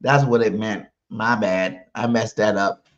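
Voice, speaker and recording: A man's voice: fairly low pitch, fairly even intonation, unhurried. A man hosting a live pregame podcast, brash and emphatic, repeating his promises over and over. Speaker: podcast host. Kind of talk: hyped live pregame stream, reading chat. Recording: muffled lo-fi stream audio.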